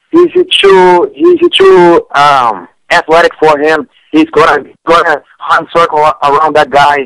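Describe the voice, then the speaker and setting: A man, chatting on a comedic radio show in broken English, with lots of stammered restarts and sudden jumps in pitch. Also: fairly bright tone, no room sound, poor audio. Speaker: fight picks guest. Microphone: studio radio mic.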